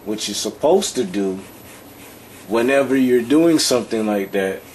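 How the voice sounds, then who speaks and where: A man's voice: medium pitch, lively intonation, a little slow, a little mellow, a little hiss or hum. A man teaching an informal lesson, talking loosely and repeating himself while often checking that the listener follows. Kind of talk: casual explanatory lesson.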